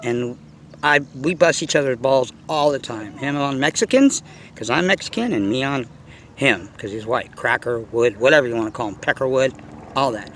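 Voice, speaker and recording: A man's voice: mid-range voice, lively intonation, normal speed, a bit bright, a little hiss or hum. A middle-aged man giving a casual ranting monologue about his hobby, blunt and profane, rambling with lots of fillers. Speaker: RC car hobbyist vlogger. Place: outdoors.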